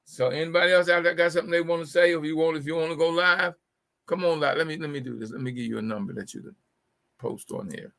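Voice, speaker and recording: A man's voice: a little high, fast, gravelly, fairly bright tone. A middle-aged man hosting a live call-in show, telling jokes casually, repeating his punchlines and stumbling over words. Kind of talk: casual humorous talk.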